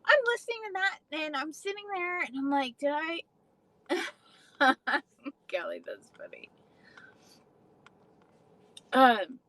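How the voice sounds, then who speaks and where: A woman's voice: high voice, very animated, measured pace, pauses often, pushed and bright, no echo, low-quality recording. A young adult woman casually chatting on a livestream, swearing freely and answering viewers' comments. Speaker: livestream host.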